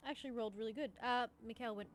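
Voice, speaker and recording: A woman with a high, light voice chats casually as a player in an online tabletop game. She talks in an easy, giggly way between her rolls. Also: rapid-fire.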